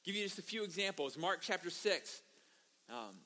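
A man's voice: high voice, fairly quick. A man pastor preaching a sermon, telling stories with animation and asking the congregation rhetorical questions. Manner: animated storytelling, asks the audience rhetorical questions.

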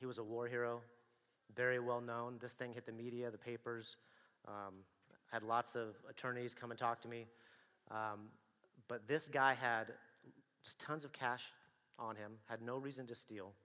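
Man, storytelling talk, animated, acts out scenes, bright tone, hall reverb. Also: mid-range voice, normal speed. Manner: animated, acts out dialogue and action. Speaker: speaker telling a personal story to an audience.

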